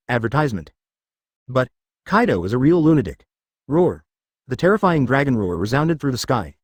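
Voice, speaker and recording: A man narrates a fan story in a steady, stiff reading. His pitch moves about a lot, and the sound is dry and close. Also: breathy edge, no echo.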